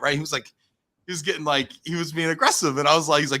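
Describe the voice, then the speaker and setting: A man in his thirties from the United States, telling a story as a podcast guest, animated and full of fillers, acting out his own quotes. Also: on the high side, quick pace. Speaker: podcast guest, company founder. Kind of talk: casual storytelling in an interview.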